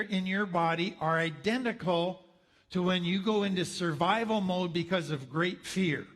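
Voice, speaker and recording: Male lecturer, high voice, earnest and explanatory, long hall reverb. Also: fairly bright tone. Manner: earnest, explanatory, acts out inner thoughts. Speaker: counselor teaching a course. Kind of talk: recorded lecture.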